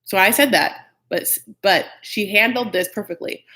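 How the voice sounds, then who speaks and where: A man's voice: high voice, moderate pace, pushed and bright. A man hosting a live chat recap of a reality show, gossipy and blunt, with frequent "like" and mocking impressions of the cast.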